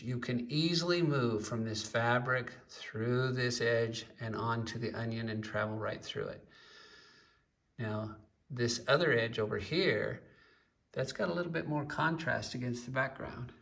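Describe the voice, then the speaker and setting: A man teaching a painting lesson, explaining at an unhurried pace while pointing at his work and mixing in stories. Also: mid-range voice, creaky, a bit bright, recorded from a distance. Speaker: painting instructor.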